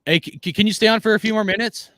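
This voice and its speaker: A man hosting a live call-in show, talking in a hurried, stammering way. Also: high-pitched, bright, forceful tone, slight background noise. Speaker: host.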